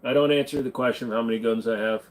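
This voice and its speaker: A man's voice: mid-range voice, fairly even intonation, fast talker. Blunt, joking man hosting a Q&A. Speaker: channel host. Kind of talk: casual livestream Q&A.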